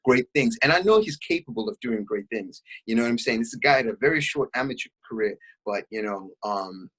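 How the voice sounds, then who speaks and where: Chatty young man with husky voice. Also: mid-range voice, a little fast, rough recording. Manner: chatty, many fillers, excited. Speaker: boxing podcast co-host. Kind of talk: casual chat.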